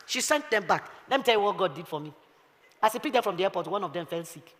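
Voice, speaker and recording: A woman's voice: on the high side, expressive, rapid-fire, sharp tone. Lady pastor preaching hard, lots of rhetorical questions, big hall reverb. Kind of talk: sermon.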